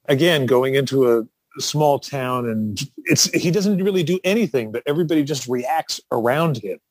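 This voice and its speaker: Podcast guy, kinda high husky voice, dry close sound, chatty and agreeable. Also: expressive, dry recording. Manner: chatty, quick to laugh and agree. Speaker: podcast co-host. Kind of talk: casual chat.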